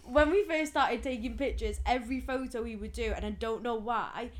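A woman's voice: on the high side, moderate pace. A young woman, co-hosting a casual podcast chat. She laughs often and acts out other people's lines as she tells stories. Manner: giggly, storytelling, acts out quotes. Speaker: podcast co-host.

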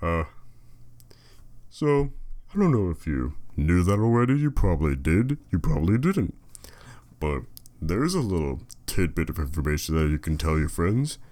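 A man's voice: deep voice, very animated, moderate pace, mellow. A man rambling on in a casual monologue, reading a short entry aloud and adding dry, wandering asides full of fillers. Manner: meandering, dry joking, many fillers and restarts. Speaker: solo talker reading a fruit entry aloud.

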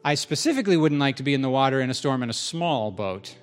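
A man preaching a sermon in a conversational, animated way, joking with the congregation in a church hall. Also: medium pitch, fast talker. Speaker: pastor.

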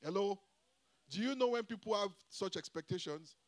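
A man's voice: high voice, animated, moderate pace. A man preaching a sermon, emphatic, often calling out to the congregation for a response. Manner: call-and-response, repeatedly asking the congregation "Hello?"; emphatic with swings in loudness and pace.

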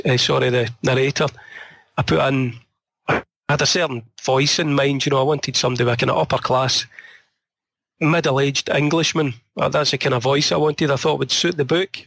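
This author, speaking in a Glasgow Scottish accent, rambles and tells stories in a casual interview, his voice tiring and slightly strained. He has a medium-pitched, steady, slightly bright voice with vocal fry, moves at a moderate pace, and there's no room sound.

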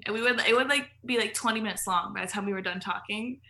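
A woman's voice: medium pitch, quick pace, hardly any pauses, bright, forceful tone. A woman guest on a podcast, telling stories in casual chat, full of "like" fillers and laughing as she goes. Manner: chatty, filler-heavy storytelling with frequent laughs.

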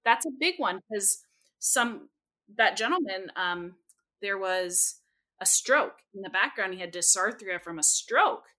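A young adult woman, a speech therapist, telling stories in an animated, expressive way as a podcast guest. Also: mid-range voice, unhurried. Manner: animated, expressive, jumps into quoted voices. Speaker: speech-language pathologist guest. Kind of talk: lively storytelling in a podcast interview.

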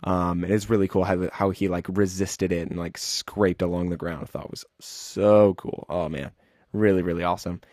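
A low-pitched man talks through an episode breakdown in a loose, unscripted way, full of "um"s and restarts. He sounds like an eager fan and clears a cough every so often. The sound is dry and close, with no room echo. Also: steady tone, normal speed, darkish tone. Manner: rambling, many fillers and restarts; enthusiastic fan. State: keeps coughing. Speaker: show recap host.

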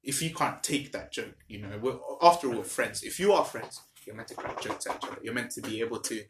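A man's voice: mid-range voice, expressive, a little fast, reverberant, noisy background. A young man chatting casually with a friend, blunt and joking as he gives his opinions. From India. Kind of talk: casual chat between friends.

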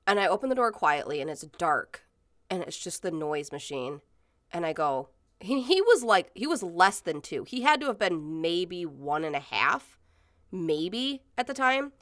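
A woman's voice: lowish voice, big pitch swings, measured pace, a bit bright, dry recording, studio quality. A woman in her thirties telling stories in casual chat, rambling with many fillers and swearing freely. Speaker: podcast co-host.

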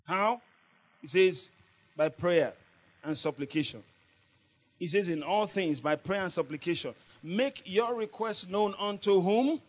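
A man's voice: sits high, measured pace. A man preaching a sermon, laughing often and calling on his congregation to answer back. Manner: lively, laughing often, call-and-response with the congregation.

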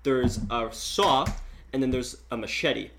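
A man's voice: medium pitch, a little slow, gravelly, noisy background. A man casually telling a long story, rambling and full of filler words. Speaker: podcast host telling a story.

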